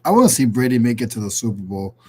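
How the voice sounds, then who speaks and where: A man's voice: mid-range voice, very animated, racing, warm tone, breathy edge. A man joining a casual podcast chat, joking wryly.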